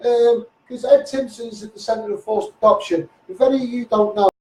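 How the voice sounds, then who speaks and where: A man's voice: high-pitched, steady tone, moderate pace, mellow, roomy sound, recorded from a distance, poor audio. A man with a Scouse accent ranting heatedly into a live stream, repeating himself and swearing often. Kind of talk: impassioned Facebook live rant.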